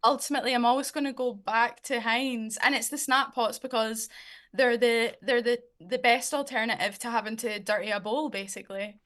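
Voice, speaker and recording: A woman's voice: a little high, fairly even intonation, moderate pace, fairly bright tone. A woman, a singer guest on a radio show, chatting in a playful way and laughing easily. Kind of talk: casual interview chat.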